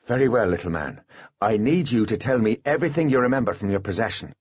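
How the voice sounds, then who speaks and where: A man voicing a cool, formal teenage boy mastermind who speaks calmly and in measured phrases. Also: fairly low pitch, husky, no echo, dull audio.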